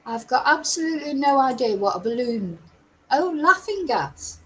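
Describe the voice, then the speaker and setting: A woman's voice: high voice, very animated, normal speed, a little hiss or hum, rough recording. A middle-aged woman giving chatty, exasperated livestream commentary as a true crime host. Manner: chatty, exasperated, laughs between remarks.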